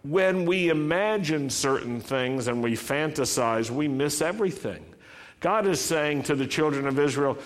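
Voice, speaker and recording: Slow-speaking preacher in a reverberant hall. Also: male voice, on the high side, expressive. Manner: emphatic, repeated rhetorical questions. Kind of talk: sermon.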